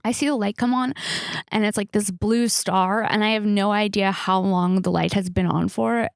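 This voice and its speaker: A woman's voice: mid-range voice, fairly even intonation, moderate pace, gravelly, clear, resonant tone, no room sound, studio quality. A young woman with a Californian accent, hosting a casual solo podcast and telling stories with lots of fillers and restarts. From Los Angeles area, United States. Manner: chatty storytelling with many fillers and restarts. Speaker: comedian podcast host.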